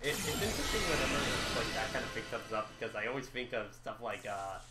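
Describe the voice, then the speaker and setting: A man rambles on a gaming stream, restarting his thoughts. His pitch moves up and down freely. Loud game music plays behind. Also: sing-song, fast. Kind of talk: casual gaming stream chat.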